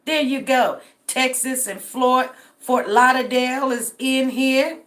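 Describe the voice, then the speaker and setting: Here the host's voice is high-pitched and fairly even, moving a little slowly. A weary middle-aged woman from Denver, she calls out viewers by name on her casual livestream, drawling warm shout-outs.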